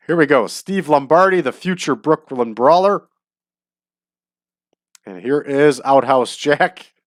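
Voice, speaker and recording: A man's voice: mid-range voice, animated, slow pace, long pauses, no echo, studio quality. A man hosting a casual let's-play of a wrestling booking game, upbeat and chatty, often breaking into laughter. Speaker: host.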